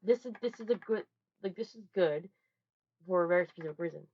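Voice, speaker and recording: Lively young woman, lo-fi home recording. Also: on the low side, brisk. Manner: chatty, rambling, with frequent restarts and loud bursts. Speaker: vlogger. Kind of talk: casual show-and-tell haul.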